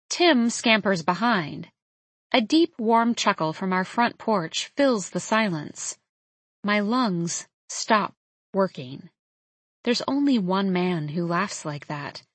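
A young woman narrating a novel in the first person, in a reflective, intimate, measured way. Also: medium pitch, fairly bright tone, dry recording. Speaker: audiobook narrator.

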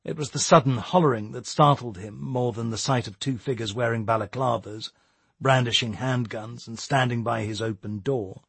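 A man reading a novel aloud in a steady, measured storytelling manner. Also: mid-range voice, creaky, husky, no echo. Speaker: audiobook narrator. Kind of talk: scripted narration.

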